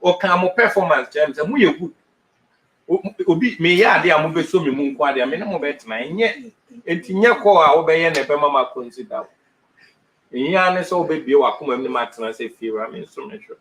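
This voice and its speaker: A man acting in a comedy skit, loudly scolding a house help in a bossy way. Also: a little high, animated, fast, far from the mic, poor audio.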